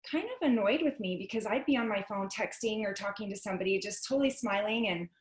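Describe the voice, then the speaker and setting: A woman's voice: mid-range voice, quick pace, echoey room. A woman telling her personal story on a video call, chatty and full of fillers and restarts.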